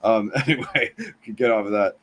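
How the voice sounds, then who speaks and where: A man's voice: lowish voice, a little fast, a bit bright. A man hosting a casual film review show, talking loosely with fillers and restarts. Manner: conversational, lots of fillers and restarts.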